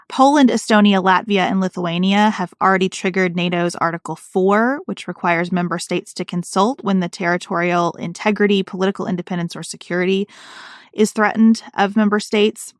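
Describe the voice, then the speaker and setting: A woman's voice: fairly low pitch, dry recording, studio quality. A woman co-hosting a political podcast, talking earnestly and reading quotes aloud with emphasis. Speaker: podcast co-host.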